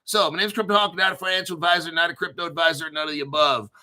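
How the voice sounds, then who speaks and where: Man, crypto channel host, very bright cutting tone, somewhat high voice, swearing, hyped rambling rant. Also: fairly even intonation, racing. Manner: profane, hype-driven, rambling with sudden emphasis. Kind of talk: hyped casual vlog rant.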